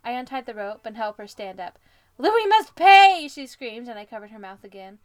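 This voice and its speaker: A woman co-hosting a podcast, reading fan fiction aloud with commentary and jumping up in pitch for the quoted lines. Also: fairly even intonation, quick pace. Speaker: podcast co-host.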